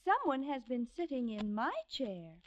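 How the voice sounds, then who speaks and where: A woman's voice: fairly high pitch, sing-song, unhurried. Fussy mama bear, as a woman puts her on. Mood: fussing. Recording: dull old vinyl record. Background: orchestra music.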